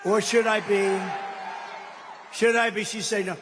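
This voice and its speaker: An older man at a campaign rally keeps up a rambling, mocking speech full of teasing asides to the crowd. His high voice holds fairly even intonation at a measured pace, with background noise plus long hall reverb and faint ambience from the large room.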